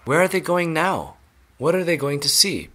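A man's voice: on the high side, lively intonation, moderate pace, sharp tone, pitched above the performer's own voice. A man voicing a cheerful old grandfather who asks eager, wondering questions. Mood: amazed.

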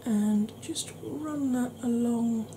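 A woman chatting gently through an ASMR makeup tutorial, calling viewers "darling". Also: fairly high pitch, takes it slowly, background noise. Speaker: beauty vlogger.

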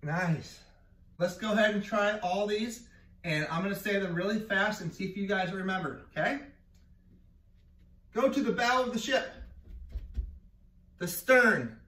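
A man's voice: high-pitched, unhurried, long pauses, a bit bright. A man teaching a PE class, explaining a game and calling out commands in a playful way. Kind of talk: leading a gym class game. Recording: echoey room, mic far off.

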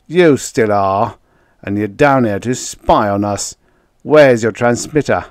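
A man's voice: on the low side, takes it slowly, dry recording. Male narrator playing a cold, bored, sneering governor; raised, barking, dry-recorded audiobook voice. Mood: cold commanding. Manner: cold and commanding. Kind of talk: audiobook character voice.

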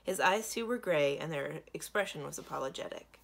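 Low-voiced woman reading a children's book. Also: animated, brisk, vocal fry, a bit bright. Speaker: librarian reading aloud. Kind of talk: children's read-aloud narration.

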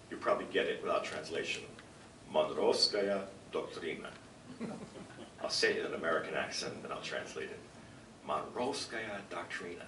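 A man's voice: mid-range voice, pushed and bright, recorded from a distance, slight background noise. Man lecturing in an echoey hall. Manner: emphatic, rhetorical questions and asides to the audience. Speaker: professor giving a public lecture. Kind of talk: public lecture. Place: lecture room with an audience.

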